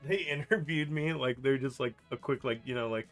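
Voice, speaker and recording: A young man from Idaho, co-hosting a podcast, telling stories in an animated, profane way and laughing as he talks. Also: medium pitch, brisk, faint music behind. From Idaho, United States. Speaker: podcast co-host. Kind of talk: casual storytelling chat.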